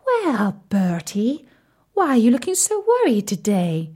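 A woman's voice: fairly high pitch, huge pitch swings, a little slow, dark tone, husky, full character voice. A woman voicing a gracious, slightly vain swan in a children's storybook, speaking in a genteel way. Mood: curious.

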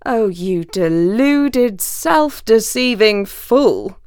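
A woman doing a slow sneering storybook fox. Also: mid-range voice, clear, resonant tone, no room sound, clean studio sound. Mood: jeering. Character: cruel, cunning, jeering male fox.

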